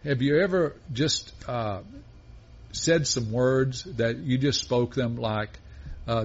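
A pastor delivers a sermon in a husky, slightly breathy voice, speaking at a mid pitch. He works through his points in a measured way and poses question after question to his listeners. The recording sounds dull and lo-fi. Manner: measured preaching with rhetorical questions.

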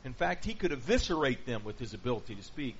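A man's voice: mid-range voice, very animated, quick pace. Man teaching a sermon, lo-fi sound. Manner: peppers points with rhetorical "okay?" and "right?". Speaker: preacher. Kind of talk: conversational Bible teaching. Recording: dull lo-fi recording with faint background noise.

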